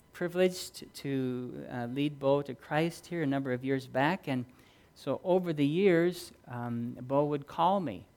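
A middle-aged male pastor preaching a sermon, earnest and story-driven, moving between loud emphasis and quiet, low-key passages.

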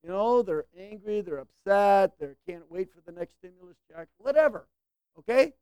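A woman's voice: mid-range voice, lively intonation, normal speed, darkish tone, smooth, no echo. A woman preacher teaching in a conversational sermon, often checking in with her listeners and acting out quoted lines. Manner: conversational, acts out quoted lines with shifting voices.

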